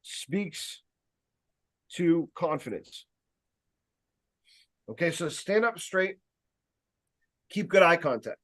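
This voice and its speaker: Loud, high-voiced man teaching sales. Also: expressive, slow, long pauses. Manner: loud, emphatic, projecting voice; rambling, joking asides with many fillers. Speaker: sales trainer. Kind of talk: casual sales training talk.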